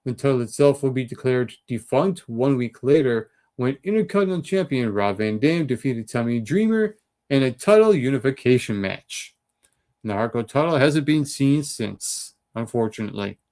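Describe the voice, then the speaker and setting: A man hosting his own show, reading through an on-this-day list of past events with quick asides. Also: mid-range voice, lively intonation, a little mellow. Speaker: host.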